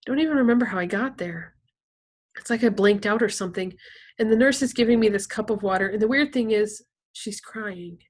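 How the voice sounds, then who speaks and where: Casting: a woman narrator, expressive storybook reading, mid pitch. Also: fairly quick. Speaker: reader. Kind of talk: reading a novel aloud.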